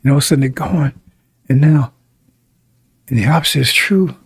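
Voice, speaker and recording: A man's voice: medium pitch, a little fast, breathy edge, dry recording. A man preaching a sermon in an emphatic, repetitive way, often turning to ask his listeners if they understand.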